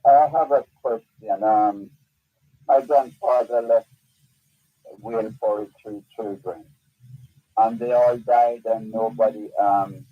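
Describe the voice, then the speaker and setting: A man's voice: fairly low pitch, fairly even intonation, slow pace, pauses often. A man with a Jamaican accent calling a radio show, asking his question politely and hesitantly. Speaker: caller. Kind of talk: phone call to a radio show. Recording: tinny phone line.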